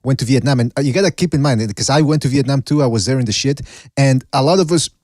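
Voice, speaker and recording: Quick-talking man hosting a podcast panel, keeps order, dry sound. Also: medium pitch, no room sound. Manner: reads chat shout-outs, herds the panel. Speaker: podcast host. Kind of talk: casual panel podcast chat.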